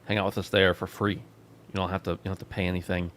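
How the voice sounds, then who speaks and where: A man's voice: low-pitched, little pitch movement, fast, fairly bright tone. A man hosting a gaming podcast, chatting casually and joking around as he runs the show. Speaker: podcast host.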